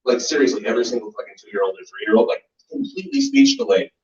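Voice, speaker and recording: Animated man doing stand-up, roomy and distant. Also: medium pitch, fast. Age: 40s. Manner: animated, profane, with laugh and voice impressions. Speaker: stand-up comedian. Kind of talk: stand-up set. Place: small comedy club basement. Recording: roomy, distant, muffled live recording.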